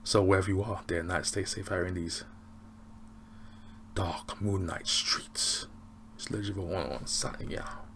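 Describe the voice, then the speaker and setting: A man's voice: deep voice, steady tone, quick pace, vocal fry, hardly any pauses, fairly bright tone, slight background noise. A man chatting casually as he reviews a TV episode, slangy and rambling with frequent chuckles. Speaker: TV review vlogger.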